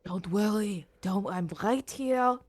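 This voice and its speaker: A woman's voice: medium pitch, slow, a little mellow, no echo. A woman playing a devoted anxious uncle. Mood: reassuring. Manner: earnest, reassuring, repeats himself. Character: protective middle-aged uncle, devoted and anxious.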